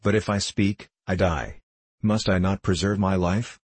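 A man's voice: deep voice, steady tone, unhurried, husky, no echo. A man reading as a timid, stammering old priest. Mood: frightened. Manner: stammering, anxious. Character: timid older male village priest, fearful and peevish.

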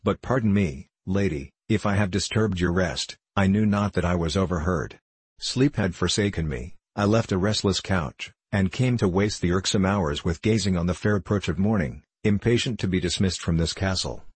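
A man reading the part of a poor, humble young man in a gentle, melancholy tone, with a husky voice. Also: deep voice, normal speed, dry recording.

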